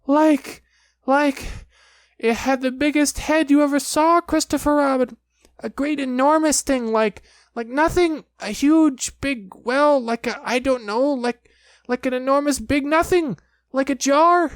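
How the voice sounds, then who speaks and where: A man reading aloud, voicing a timid little male piglet in a squeaky, breathless, stammering voice. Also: measured pace, dry recording, clean studio sound. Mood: panicked.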